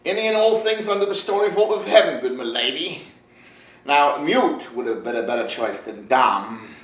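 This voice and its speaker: An actor playing a wistful, lovestruck 52-year-old playwright in a one-man stage monologue, reminiscing with animated storytelling. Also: medium pitch, a little slow, close to an everyday voice. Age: 50s. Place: theater stage. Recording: roomy stage sound from a far camera with faint noise.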